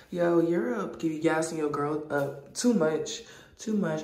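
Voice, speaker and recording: A woman vlogger chatting casually to camera in an animated, profane way. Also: low voice, moderate pace. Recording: roomy, distant mic.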